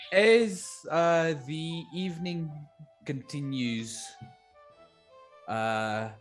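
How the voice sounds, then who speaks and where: A man in the game master's seat narrates a tabletop session at a leisurely pace. His voice sits a bit high, and he hesitates with frequent "uh" pauses. Faint music plays underneath.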